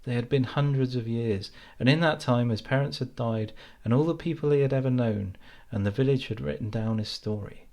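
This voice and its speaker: A man reading a fairytale aloud in a calm, measured way. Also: medium pitch. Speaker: storyteller.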